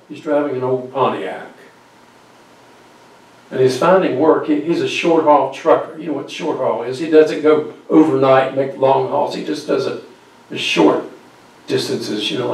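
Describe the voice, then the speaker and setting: In a mid-range, slightly mellow voice, a guest speaker tells a Bible story as a sermon. The church sanctuary is very echoey and he is far from the mic. He performs quoted voices and lets his delivery drop nearly to a whisper at times.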